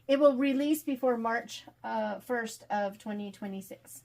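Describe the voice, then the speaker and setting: A woman author being interviewed, chatting casually and animatedly, quick to laugh. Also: fairly high pitch, creaky, a little mellow. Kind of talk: casual video call chat.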